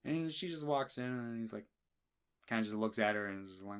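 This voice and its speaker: Animated man in casual podcast chat. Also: fairly low pitch, moderate pace, long pauses, clean tone. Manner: animated, swearing, retells scenes in quoted voices. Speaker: podcast co-host. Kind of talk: casual film discussion.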